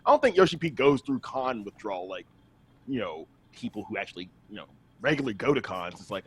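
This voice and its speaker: A man's voice: mid-range voice, fast, husky. A young man co-hosts a casual podcast. He chats in a laid-back, joking way, and his voice rises and falls with plenty of range. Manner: relaxed, joking, chiming in. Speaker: podcast co-host.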